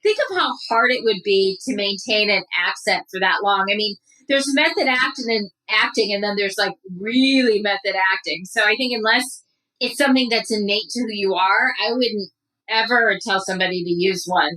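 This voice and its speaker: A woman as a podcast guest in casual chat, joking and animated as she tells stories. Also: medium pitch, normal speed, recorded from a distance, low-quality recording.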